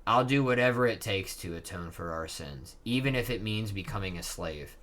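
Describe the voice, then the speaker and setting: A stern giant king, weighed down by remorse, read aloud by a man. The voice is lowish and forceful, and he talks slowly and solemnly. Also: animated.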